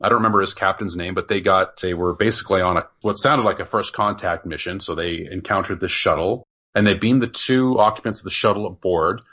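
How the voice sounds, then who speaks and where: A man's voice: low-pitched, brisk, few pauses, pushed and bright, muffled recording. A man co-hosting a podcast, chatting casually and rambling through plot explanations with many restarts. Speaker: podcast co-host. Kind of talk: casual review chat.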